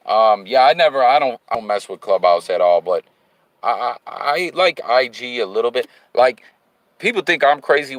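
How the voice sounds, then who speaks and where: A man livestreams while driving his car, chatting loosely and reading viewer comments aloud in slang-heavy talk with sudden hyped bursts. His voice is fairly low-pitched, and the low-quality recording has no echo.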